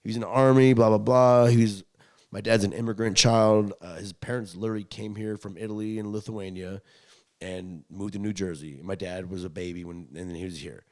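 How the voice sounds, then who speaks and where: A young man co-hosting a casual podcast, talking bluntly and profanely in rambling bursts that swing from loud to quiet. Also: fairly low pitch, fairly even intonation, a little fast. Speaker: podcast co-host.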